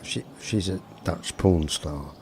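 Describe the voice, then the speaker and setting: A man's voice: deep voice, slow pace, darkish tone, slight background noise. A man playing an awkward door-to-door preacher in a comedy sketch, defensive and rambling.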